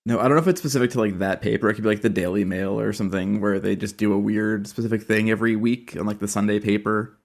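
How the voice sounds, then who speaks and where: A man's voice: lowish voice, steady tone, fast, gravelly, hardly any pauses. A man co-hosting a podcast in casual chat, wry and sweary, telling anecdotes. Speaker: podcast co-host.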